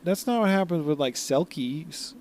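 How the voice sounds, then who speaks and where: A man's voice: on the high side, animated, normal speed, a crowd in the background. A man co-hosting a casual podcast with playful, jokey banter. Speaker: podcast co-host. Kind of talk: casual chat.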